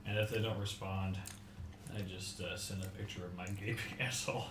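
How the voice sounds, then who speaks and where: Deadpan young man, low and echoey. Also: a little fast. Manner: crude deadpan jokes. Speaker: podcast co-host. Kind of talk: casual podcast chat. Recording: echoey room with clear background noise.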